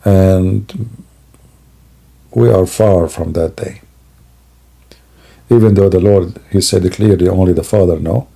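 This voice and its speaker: A man's voice: low voice, steady tone, takes it slowly, vocal fry, long pauses, mellow. A sleepy man talking to his live-stream audience at home at night, rambling, with broken grammar and many fillers. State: sleepy and yawning. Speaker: Christian apologist streamer. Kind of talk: casual live-stream monologue.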